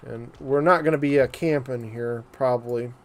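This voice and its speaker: A man's voice: mid-range voice, normal speed. A man giving loose, joking commentary while live-streaming a strategy game, with frequent fillers and asides to his viewers. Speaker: gaming streamer.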